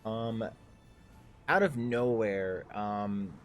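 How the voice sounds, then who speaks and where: A man's voice: fairly low pitch, extremely slow, faint music behind. Rambling man running a tabletop game. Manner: rambling, full of ums and restarts. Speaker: game master. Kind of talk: casual narration of a tabletop game on a livestream.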